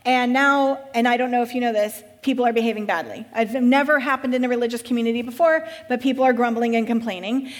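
A woman pastor with a high voice speaks to her church in an easygoing, conversational way and adds dry jokes along the way. Her voice rings out with a long reverb, as if she is in a large hall. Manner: conversational, with wry humorous asides. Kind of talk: church vision talk.

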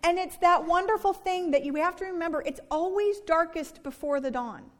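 A woman's voice: very high-pitched, moderate pace. A woman reading scripture and preaching a sermon in an earnest, conversational way. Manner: earnest, conversational, acts out quoted complaints. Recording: reverberant worship hall.

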